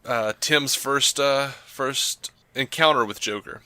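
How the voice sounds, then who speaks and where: A man's voice: medium pitch, takes it slowly, bright, forceful tone, clear, resonant tone, no room sound. A man hosting a podcast in casual chat, chatty and full of fillers, laughing often.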